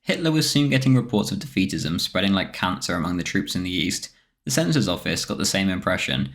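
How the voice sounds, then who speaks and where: A man reading a scripted history documentary narration in a steady, measured way. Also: sits low.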